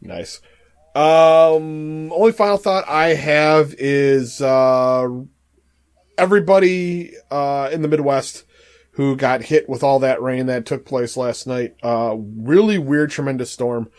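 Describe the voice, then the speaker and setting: A man's voice: mid-range voice, slow, clear, resonant tone. Man, podcast co-host, easygoing wrestling talk, lots of fillers. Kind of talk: casual wrestling chat.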